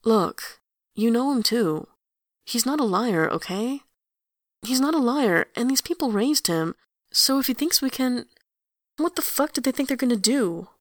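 A woman's voice: a little high, lively intonation, unhurried, no echo, clean studio sound, pitched above the performer's own voice. A woman voicing an anxious young man who talks earnestly and presses his point. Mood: pleading.

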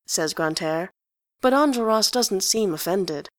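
A woman narrating a story aloud in an even storytelling delivery. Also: lowish voice, normal speed, no echo, studio quality. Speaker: reader.

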